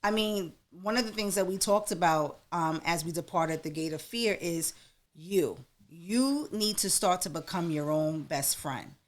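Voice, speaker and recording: A woman's voice: lowish voice, unhurried. A woman hosting a live talk about healing, talking earnestly and coaching her listeners, often asking "right?" for agreement. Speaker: host and minister. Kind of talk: encouraging talk.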